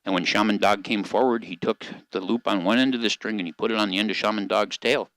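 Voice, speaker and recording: An older man telling a story aloud in a slow, gentle, measured way. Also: lowish voice, steady tone, dry recording, low-quality recording.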